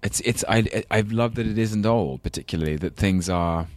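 An English man with a London accent, a guest telling stories in a relaxed interview, animated and laughing easily. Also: fairly low pitch, moderate pace, no room sound. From England. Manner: animated storytelling with laughs and impressions. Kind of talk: casual interview chat.

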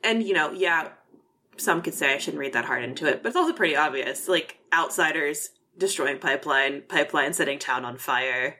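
A woman co-hosting a podcast, chatting casually about a horror film, animated and swearing freely, acting out lines from scenes. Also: sits low, moderate pace, slight background noise. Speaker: podcast co-host.

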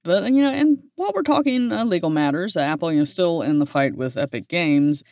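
A man's voice: a little high, expressive, a little fast, darkish tone, no echo, clean studio sound. A man co-hosting a podcast, running through tech headlines in a wry, rambling way with plenty of fillers. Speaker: podcast co-host. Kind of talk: casual tech news chat.

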